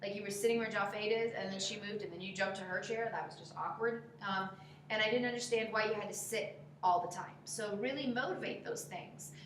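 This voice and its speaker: A woman's voice: medium pitch, a little fast. A woman giving direct acting notes to students, coaching and demonstrating how to deliver lines. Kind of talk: spoken critique of a scene. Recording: echoey room, faint background noise.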